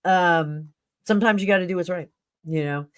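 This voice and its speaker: A woman's voice: fairly low pitch, normal speed, dry recording. A woman hosting a live stream tarot reading who talks in an emotional, effusive way. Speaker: tarot reader and stream host.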